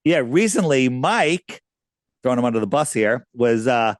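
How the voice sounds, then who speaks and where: A man's voice: medium pitch, animated, normal speed, dry recording. A man who is a radio guest, telling stories in a casual, rambling way with many restarts. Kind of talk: casual interview storytelling.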